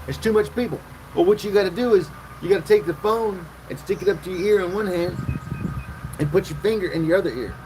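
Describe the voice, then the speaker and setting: A man's voice: sits high, fast talker, background noise. A man hosting a casual livestream, telling crude rambling stories and chatting with viewers. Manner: crude, rambling storyteller with loud acted quotes. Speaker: livestream host.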